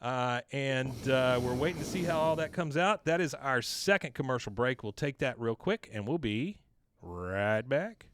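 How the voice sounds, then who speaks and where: A man's voice: mid-range voice, moderate pace. A man hosting a podcast, telling the story of a cartoon episode in casual chat and acting out the lines. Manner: animated storyteller, acts out lines. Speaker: podcast host.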